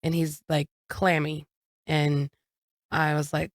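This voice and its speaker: A woman's voice: sits low, little pitch movement, measured pace, vocal fry. A woman in her thirties co-hosting a podcast, telling a family story in a frank, casual way and swearing now and then. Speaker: podcast co-host. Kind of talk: casual chat.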